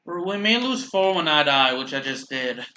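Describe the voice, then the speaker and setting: A man's voice: on the high side, animated, normal speed, pushed and bright, slight background noise. A man giving casual, rambling commentary while playing a video game, often restarting his sentences and making dry sarcastic remarks about his teammates. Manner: rambling, self-correcting, dryly sarcastic. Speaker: gaming channel host.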